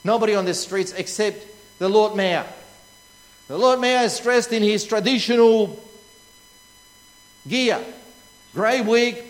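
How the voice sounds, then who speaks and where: A man with an Australian accent preaching a sermon, emphatic and repetitive, asking rhetorical questions. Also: sits high. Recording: long reverb of a large hall.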